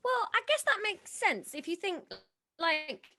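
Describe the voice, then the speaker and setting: A woman with a West Country accent, hosting an interview in casual chat, quick to joke and react. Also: very high-pitched, very animated, sharp tone. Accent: West Country English. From West Country England. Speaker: podcast host.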